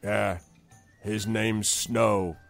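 A man's voice: lowish voice, fairly even intonation, very slow, creaky, soft background music, full character voice. A man doing a wary camp animal keeper. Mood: matter-of-fact.

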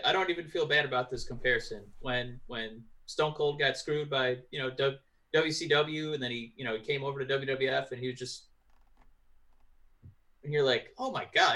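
A man co-hosts a casual podcast, hesitant and conversational. His bright, slightly high voice sounds distant, as if he is sitting away from the microphone. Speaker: podcast co-host. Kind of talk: casual chat. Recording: distant from the mic.

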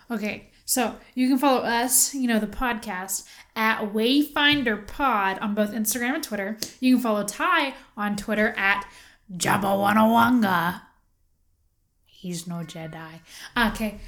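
Slow, teasing woman co-host. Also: on the high side, a bit bright. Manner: teasing, giggly. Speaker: podcast co-host. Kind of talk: casual podcast chat.

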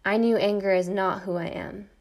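Brief: middle-aged woman host, gravelly voice, intense monologue with repeated refrains. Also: mid-range voice, fairly even intonation, normal speed, a little mellow. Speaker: podcast host. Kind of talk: personal monologue, read from a script.

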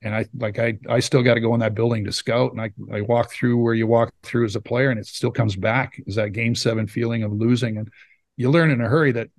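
A middle-aged man, a former hockey player telling stories in a casual interview, rambling and animated with lots of fillers. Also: mid-range voice, a little fast, no echo. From Saskatchewan, Canada. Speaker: former pro hockey player, now scout. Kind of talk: casual storytelling in a podcast interview.

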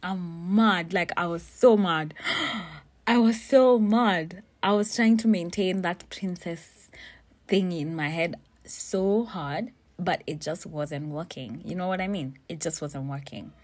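Young woman, slightly low voice, casual storytelling, animated, swears a lot. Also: unhurried. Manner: animated, swears freely, mixes in Swahili phrases. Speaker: vlogger telling a story. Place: in a car with friends.

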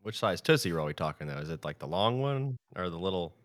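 A man's voice: low-pitched, animated, fast, no room sound, clean studio sound. A man co-hosting a podcast, joking around and setting silly scenes in casual crude chat. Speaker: podcast co-host.

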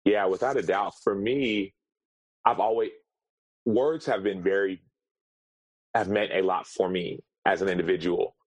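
A man, a guest author, sharing a personal story in an earnest, halting way, often repeating words as he searches for them. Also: sits low, fairly even intonation, slightly rough, no room sound, low-quality recording.

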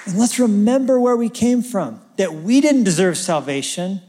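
A man preaching a sermon as pastor, talking like a conversation and swinging from loud emphasis to near-whispers. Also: high voice, animated, normal speed, big-room sound.

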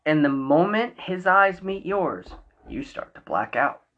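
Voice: medium pitch, sing-song, measured pace. A podcast co-host narrating a gamebook in the second person, laughing often between passages. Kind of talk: scripted gamebook narration with banter. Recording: muffled lo-fi audio.

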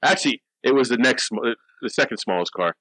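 A man co-hosting a podcast, chatting quickly and filling in details of shared travel stories. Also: mid-range voice, lively intonation, pushed and bright, slightly rough, dry recording, poor audio. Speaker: podcast co-host. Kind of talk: casual chat.

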